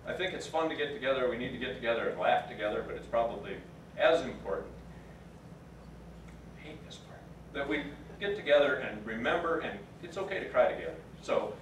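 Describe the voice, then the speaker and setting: A man's voice: mid-range voice, expressive, fast talker, a little hiss or hum. Man in his fifties telling a story in an echoey room. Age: 50s. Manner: folksy, plain-spoken, gets choked up. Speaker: reunion speaker. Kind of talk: storytelling speech to an audience. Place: large room at a class reunion. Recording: echoey room, picked up from a distance.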